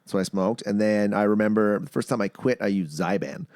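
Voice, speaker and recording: A man's voice: fairly low pitch, a little fast, darkish tone, dry recording, studio quality. A man hosting a podcast, chatting casually and telling long, profane stories in which he acts out the other people's lines. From Canada. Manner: swearing storyteller, acts out quoted voices. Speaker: podcast host. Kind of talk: casual chat.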